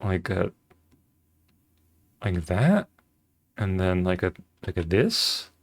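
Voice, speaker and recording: A man's voice: deep voice, sing-song, slow. A man streaming while he draws, chatting casually in a rambling, playful way with lots of fillers.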